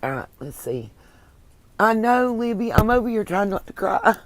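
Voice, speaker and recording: A woman's voice: mid-range voice, sing-song, normal speed, slight background noise. Chatty Southern woman livestreaming. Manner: chatty, emotional, thanks viewers by name. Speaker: livestream host reading viewer comments. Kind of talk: casual chat.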